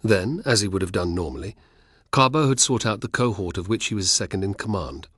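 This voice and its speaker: Male narrator, lowish husky voice, lively intonation, close dry studio sound. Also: a little fast, dry recording. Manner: expressive storytelling. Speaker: audiobook narrator. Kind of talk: scripted narration.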